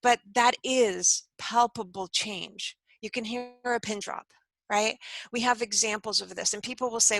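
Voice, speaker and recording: A woman's voice: on the high side, steady tone, a little slow, creaky, a bit bright, no echo, rough recording. A woman speaking as an interview guest, telling a story in an earnest, conversational way and acting out the quoted voices.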